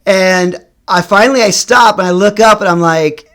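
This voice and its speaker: Speaking to his vlog viewers, a middle-aged man recounts something from his own life. Though his voice sounds smooth, he talks in stop-start stretches, doubles back on words, and shifts up and down in pitch and loudness.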